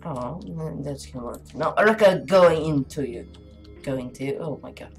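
A woman's voice: low-pitched, normal speed, faint music behind. A woman giving casual commentary while playing a horror game, chatty and talking to her viewers, jumpy and easily startled, with nervous laughter.

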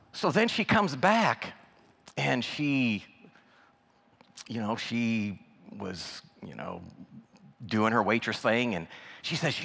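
A male guest preacher tells his story in a middle-pitched voice, acting out each line of dialogue with animation. His voice carries the long reverb of a church sanctuary. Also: animated, measured pace, vocal fry, long pauses, bright, forceful tone, husky. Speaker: guest speaker. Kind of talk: sermon storytelling.

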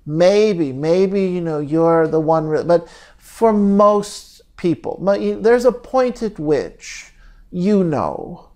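Gentle, halting male therapist. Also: sits high, animated. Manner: slow, gentle, halting delivery with frequent pauses. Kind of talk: reflective guided talk.

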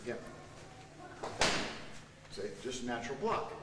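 A man's voice: medium pitch, very animated, slow. A man teaching a martial arts seminar, coaching students while demonstrating technique. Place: training hall at a seminar. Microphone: camera mic from a distance. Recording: echoey hall from far off, noisy.

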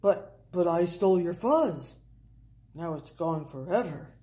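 A woman voicing a big male prairie dog bully in a storybook, loud and snarling. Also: lowish voice, expressive, unhurried. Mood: ashamed. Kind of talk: storybook read-aloud.

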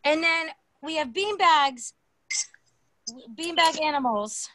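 A woman's voice: high voice, lively intonation, noisy background. Sing-song woman teaching kids to dance. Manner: cheerful, slow and sing-song with small children. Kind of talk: online kids' dance class. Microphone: video call.

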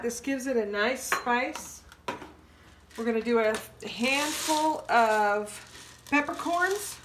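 A woman with a fairly high voice hosts a home cooking demonstration, chatting in a folksy way through every step. The sound is roomy and echoey, picked up from a few feet off in a kitchen, with a faint hum of noise behind her. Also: a bit bright. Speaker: home cooking show host. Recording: echoey kitchen, mic a bit far off.

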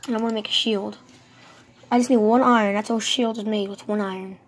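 A woman giving casual, excitable commentary while she plays a game, talking to herself. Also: mid-range voice, fast talker. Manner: chatty, excitable, talks to herself. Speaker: gamer.

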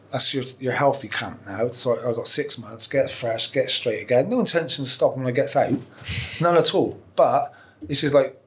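A man, telling his story as a podcast guest, candid and profane, rambling with restarts. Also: mid-range voice. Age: 40s. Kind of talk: casual interview storytelling.

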